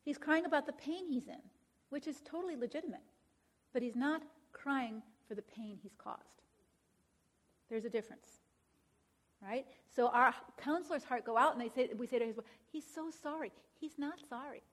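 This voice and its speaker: A woman's voice: on the high side, moderate pace, long pauses, fairly bright tone. A woman teaching a Christian counseling class in a conversational way, often checking in with the audience and quoting scripture aloud. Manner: conversational, checks in with "all right?" and "right?".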